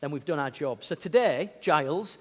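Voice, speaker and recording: A man's voice: on the high side, lively intonation, normal speed. A man giving an enthusiastic, promotional talk on stage at a live event. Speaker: tourism organisation speaker. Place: large hall on stage. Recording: long hall reverb.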